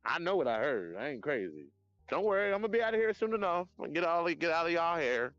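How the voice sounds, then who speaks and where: A man live-streaming outdoors at night on his phone, chatting in a rambling, profane, animated way. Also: a little high, fast talker, dry recording, highs cut off, faint music behind. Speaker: livestreamer. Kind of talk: casual live-stream chat.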